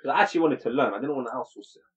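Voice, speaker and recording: A man's voice: medium pitch, rapid-fire, husky. A man, chatting as podcast co-host, slangy and motivational. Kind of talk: casual chat. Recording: dull lo-fi recording.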